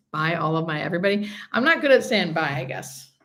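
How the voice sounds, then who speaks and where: A woman's voice: lowish voice, animated, fairly quick, fairly bright tone. Chatty woman hosting a live stream. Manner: chatty, reads out viewer comments. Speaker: hospice nurse and live stream host. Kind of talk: casual live stream chat.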